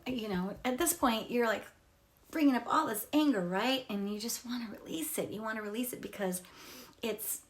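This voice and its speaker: A woman leading an emotional tapping session, talking casually and candidly, swearing now and then and dropping to a soft whisper for the affirmations. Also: mid-range voice. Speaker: EFT tapping instructor. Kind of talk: guided tapping instruction.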